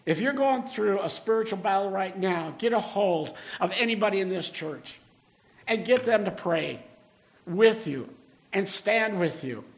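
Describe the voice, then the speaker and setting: An older man preaching a sermon as a pastor, earnest and building emphasis, slowing down on key phrases. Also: sits high, expressive, gravelly.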